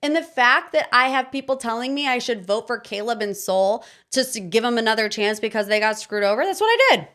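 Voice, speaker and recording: A woman in her thirties hosting a podcast, giving casual pop-culture commentary in an animated, sarcastic, ranting manner. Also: a little high, fairly quick, hardly any pauses. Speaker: podcast host.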